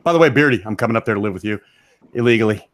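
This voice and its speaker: Fast-ranting man host. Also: fairly low pitch, expressive. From Texas. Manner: loud, mocking, rapid rant. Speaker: stream host. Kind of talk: profane ranting stream chat. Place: back room of his house.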